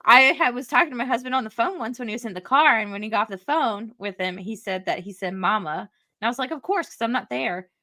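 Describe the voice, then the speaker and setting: Woman co-host, animated storyteller, crisp bright tone, casual chat. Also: a little high, quick pace, hardly any pauses. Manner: animated storyteller, laughs often. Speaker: podcast co-host.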